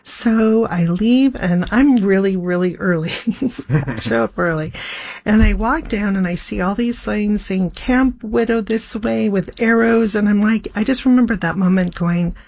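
A woman's voice: unhurried, gravelly. A woman guest telling an emotional personal story, acting out the dialogue with big swings in her voice. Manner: animated, re-enacts dialogue with big pitch swings.

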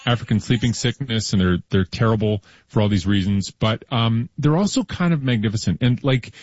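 Husky guy geeking out about biology, dull lo-fi sound, dry. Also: fairly low pitch, fairly quick, a little mellow, no echo. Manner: enthusiastic, explanatory, many fillers. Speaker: podcast co-host. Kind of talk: casual science chat.

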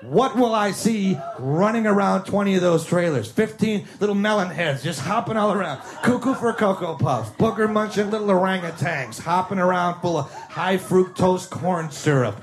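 A man's voice: high-pitched, moderate pace, hardly any pauses, faint music behind. A man doing a stand-up comedy set, rattling off mocking riffs and long lists. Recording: live club with crowd and noise.

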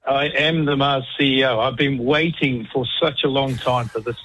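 A man appearing as a guest on a podcast in a comic bit. He speaks in a deadpan, corporate-formal way. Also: mid-range voice, normal speed, a little hiss or hum, rough recording.

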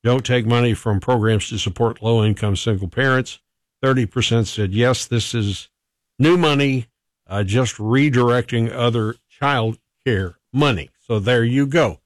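A man's voice: mid-range voice, a little slow, dry recording. Male radio host, casual and chatty, laughs a lot, dry close mic. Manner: chatty, laughs often, reads listener texts. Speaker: radio morning show host.

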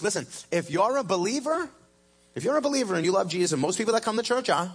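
With a husky voice and big swings in pitch, a pastor preaches to his congregation. He shifts from hushed, low lines to loud bursts of emphasis, pulling important phrases out slowly.

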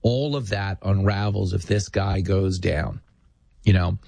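Husky-voiced sardonic male commentator. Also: low-pitched, a little slow, warm tone, no room sound. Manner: emphatic, sardonic, storytelling. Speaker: talk show host. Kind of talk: political commentary monologue.

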